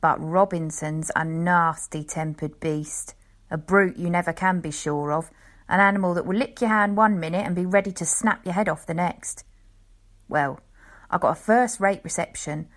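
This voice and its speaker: Storybook: woman doing an unhurried old lion tamer, folksy and rambling, lowish voice. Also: lightly acted. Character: old male lion tamer, leisurely pipe-smoking storyteller.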